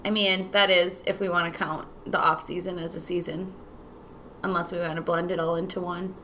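A woman's voice: lowish voice, level tone, moderate pace, pushed and bright, a little hiss or hum. A young woman co-hosting a podcast in casual, giggly chat full of fillers. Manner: giggly, chatty, lots of fillers. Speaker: podcast co-host.

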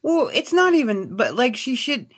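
A podcast co-host speaks bluntly and with strong opinions, swearing now and then. The voice is lively and animated, rising and falling a lot as they talk. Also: sits high, normal speed, husky. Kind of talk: casual chat.

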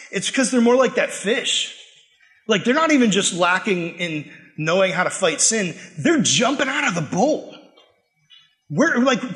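A man preaching a sermon, telling a personal story with animated delivery and quick laughs. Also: sits high. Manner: animated, acts out quotes and laughs while telling stories.

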